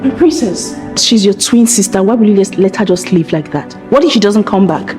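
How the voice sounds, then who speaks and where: Actress as a loyal palace maid, mellow voice. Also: female voice, medium pitch, expressive, brisk, soft background music, close to an everyday voice. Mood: pleading. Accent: Nigerian. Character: loyal palace maid, soothing yet sharp. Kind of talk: film drama acting.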